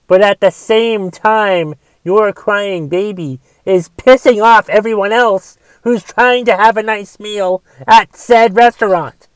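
Speaking slowly with hardly any pauses, a man gives an exasperated, profane solo rant with restarts. His high voice sounds clear and resonant, and the recording is dry.

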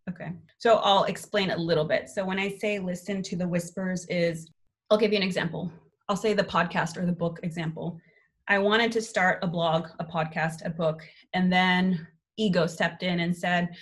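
A young adult woman hosting a live online motivational workshop, upbeat and candid, swearing casually as she coaches. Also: on the low side. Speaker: workshop host and life coach.

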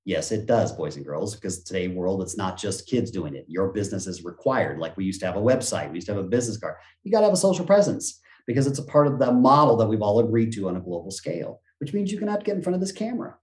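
A man talking as a motivational speaker and business coach on a podcast, energetic, acting out quoted voices and gasps, with some casual swearing. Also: fairly low pitch, fast talker, few pauses, reverberant. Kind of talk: energetic conversational interview talk.

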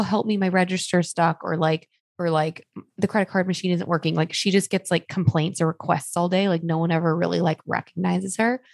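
A young woman with a fairly low, gravelly voice co-hosts a podcast in a relaxed, chatty way. She tells stories freely and peppers them with fillers. The recording is close and dry. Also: no echo. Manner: chatty, storytelling with many likes. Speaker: podcast co-host. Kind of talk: casual chat.

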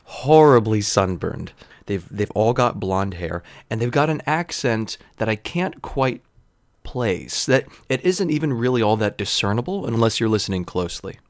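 A man in his thirties telling a comedic story with wry, digressive deadpan asides. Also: on the low side, moderate pace, dry recording, studio quality. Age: 30s.

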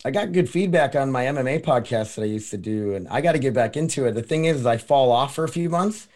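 A man's voice: mid-range voice, lively intonation, fast talker, a little mellow. Rambling, profane male podcast host. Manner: rambling, profane, loose storytelling. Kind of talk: casual podcast chat.

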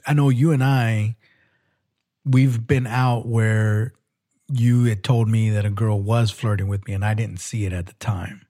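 Husky-voiced man co-hosting a chat. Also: fairly low pitch, fairly even intonation, a little slow, mellow. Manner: laughs often, hesitant restarts. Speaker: podcast co-host. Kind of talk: casual chat.

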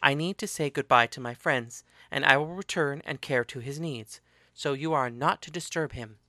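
A man voicing a cold, ruthless young woman fighter in a read-aloud story, speaking low and controlled. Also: normal speed, pushed and bright, dry recording, clean studio sound. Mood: polite.

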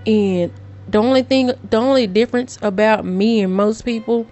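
A woman's voice: fairly high pitch, moderate pace, mellow, faint music behind. A woman podcast host, talking straight to her listeners in an emotional, preachy way. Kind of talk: casual monologue.

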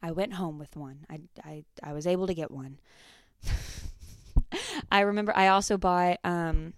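A young woman in her twenties hosts her own podcast and tells a rambling story. She talks casually, with lots of asides and fillers. Her voice sits a little low and sounds smooth and clear, recorded dry and close. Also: animated, a little slow, dry recording. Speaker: podcast host.

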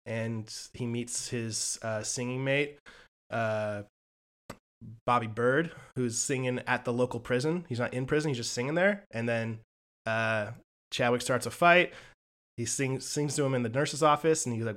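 A man chatting casually on a podcast, retelling films with animated energy and slipping into voices for quoted lines. His voice sits in a middle pitch. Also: moderate pace. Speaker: podcast co-host reviewing films. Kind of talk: casual chat.

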